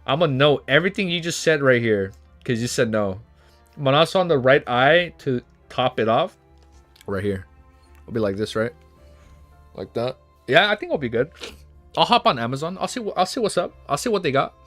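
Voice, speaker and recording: Excitable man on a livestream, saying "dude". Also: medium pitch, moderate pace, pauses often, no room sound, soft background music. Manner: excitable, laughs often, says "dude" a lot. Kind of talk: casual livestream chat and reading aloud.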